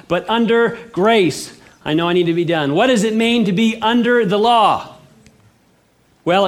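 A man preaching a sermon, animated and conversational, acting out little everyday scenes. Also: sits high.

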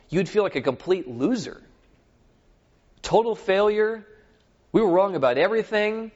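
A man preaching a sermon, telling scripture stories with animated retellings and checking in with his listeners. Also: high voice, moderate pace, pauses often. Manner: animated storytelling, acts out scripture scenes; asks the audience for agreement. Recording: dull lo-fi recording.

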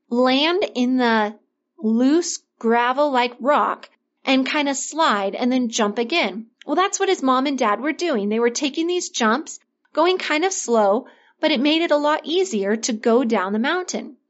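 A woman telling a Bible lesson story to children, gently expressive, asking her listeners questions as she goes. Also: a little high. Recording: dull lo-fi recording.

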